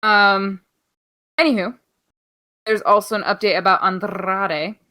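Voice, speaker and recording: A woman's voice: mid-range voice, fairly even intonation, unhurried, bright, forceful tone. A woman co-hosting a podcast, chatting casually through wrestling news in an offhand, rambling way, swearing freely and filling gaps with ums. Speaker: podcast co-host.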